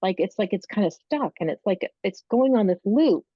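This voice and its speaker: A woman's voice: medium pitch, expressive, normal speed, dark tone, no echo, highs cut off. A woman co-hosting a podcast, speaking earnestly and emphatically over a video call. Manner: earnest, emphatic, stubborn-sounding. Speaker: podcast co-host. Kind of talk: casual conversational talk.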